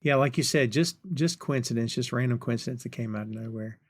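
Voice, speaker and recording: A man's voice: mid-range voice, a little fast, no room sound, studio quality. A man hosting a podcast, chatting casually and retelling film scenes with laughter. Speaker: podcast host.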